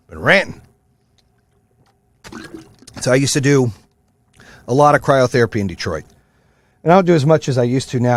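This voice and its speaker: A middle-aged man rants on his own podcast, swearing heavily in a fired-up motivational style. His voice is medium in pitch with a darkish tone, and there is no echo.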